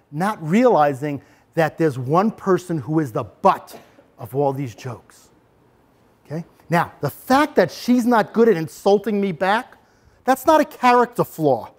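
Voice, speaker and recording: A middle-aged man presenting an anti-bullying workshop to parents, animated and acting out scenes. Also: sits high, normal speed. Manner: animated, acts out scenes for the audience.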